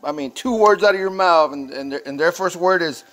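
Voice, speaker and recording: Texan man, slightly high voice, loose rambling vlog delivery, faint dish clatter behind. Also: a little fast, a bit bright, a little hiss or hum. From Texas. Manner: rambling, folksy, filler-heavy talk. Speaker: mechanic shop worker sharing a recipe. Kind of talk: casual how-to vlog.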